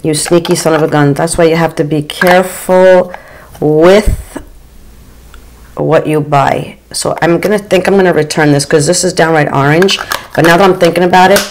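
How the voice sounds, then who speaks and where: A woman in her forties or fifties chatting through a makeup routine, gushing with frequent excited oohs. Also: low-pitched, normal speed, rough recording. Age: 40s or 50s. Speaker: beauty vlogger. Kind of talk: casual makeup get-ready-with-me chat.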